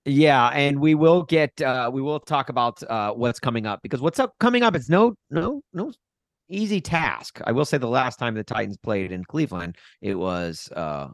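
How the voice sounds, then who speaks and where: Animated, rambling male podcast co-host. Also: mid-range voice, dry recording. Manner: rambling, animated storytelling with exasperated asides. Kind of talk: casual sports podcast chat.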